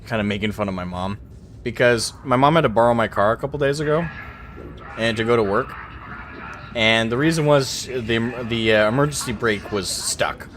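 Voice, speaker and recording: A man hosting a casual voice chat while gaming, telling animated stories and swearing freely. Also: mid-range voice, moderate pace. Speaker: streamer host.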